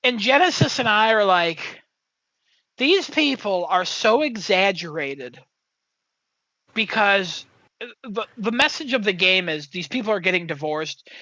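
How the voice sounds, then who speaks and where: Bright-voiced woman telling a story animatedly. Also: mid-range voice, a little slow, no echo. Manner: animated storyteller, swears freely, acts out voices. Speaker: podcast co-host. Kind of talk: casual chat.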